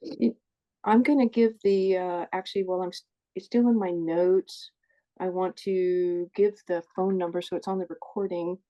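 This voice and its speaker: Speaking through phone earbuds, the support group presenter talks casually to her video-call audience, often apologizing and revising what she just said. Her voice sits lowish and warm, with fairly even intonation and a moderate pace, and the sound is lo-fi.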